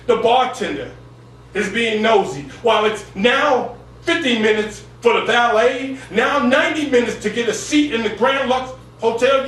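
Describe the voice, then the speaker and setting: A man with a baritone voice performing spoken word poetry at an open mic, with a rhythmic delivery that keeps coming back to a refrain. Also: a bit bright. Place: cafe gallery open mic stage. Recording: echoey room, far from the mic, faint hum.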